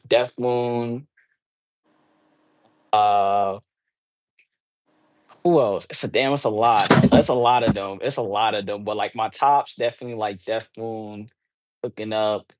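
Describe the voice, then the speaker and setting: A man's voice: medium pitch, no room sound. A young man answering interview questions about his music in a loose, rambling way, full of fillers, slang and restarts. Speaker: underground rapper, interview guest.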